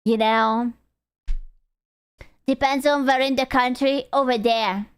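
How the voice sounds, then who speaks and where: A woman's voice: sits high, steady tone, slow pace, clear, resonant tone. A young woman streamer chatting casually with viewers, playful and giggly, swearing and reacting dramatically.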